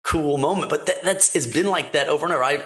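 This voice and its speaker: Man telling lively stories as guest. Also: a little high, fast. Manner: animated anecdote-telling, acting out quoted dialogue. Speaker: wine importer and company founder, podcast guest. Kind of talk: casual storytelling interview.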